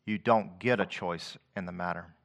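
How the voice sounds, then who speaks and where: At an ordinary speed and with an even tone, a male preacher cites scripture rhythmically, moving from subdued low passages up to loud, swelling declamation.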